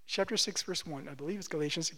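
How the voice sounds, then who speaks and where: A man preaching a sermon as pastor, emphatic and pleading, drawing key phrases out slowly. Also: on the high side, bright, forceful tone, in a large hall.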